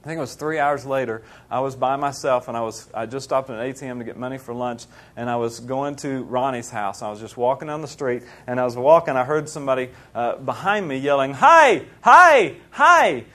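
A middle-aged man preaching, telling a mission story in an animated way and acting out the people he quotes. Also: medium pitch, quick pace, few pauses. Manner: animated, acts out quoted voices. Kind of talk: sermon storytelling.

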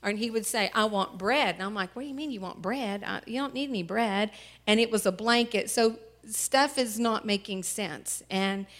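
Tearful woman giving testimony. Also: medium pitch. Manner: tearful, halting with many fillers. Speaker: mother sharing a testimony. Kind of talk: emotional personal testimony. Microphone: handheld microphone.

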